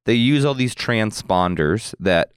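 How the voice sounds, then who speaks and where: A man co-hosting a casual podcast chat, recapping with animated storytelling. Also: on the low side, a little slow, clean tone, dry recording, studio quality. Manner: animated storytelling with acted quotes. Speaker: podcast co-host.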